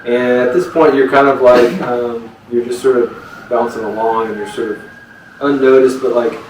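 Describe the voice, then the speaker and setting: A man's voice: mid-range voice, flat delivery, moderate pace. A man narrating as game master in a casual tabletop session, rambling and full of fillers. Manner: rambling, many fillers and restarts. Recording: roomy, distant, noisy table recording.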